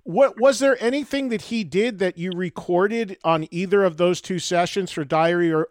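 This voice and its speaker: A fairly high-pitched man hosts a podcast interview, asking brisk, direct questions. His voice is close and dry, with no room around it. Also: no echo. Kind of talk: casual interview.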